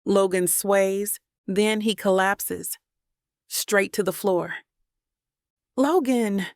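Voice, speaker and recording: A woman's voice: medium pitch, level tone, slow, no echo. A woman narrating a first-person romance audiobook with dramatic, emotional delivery on a close studio mic.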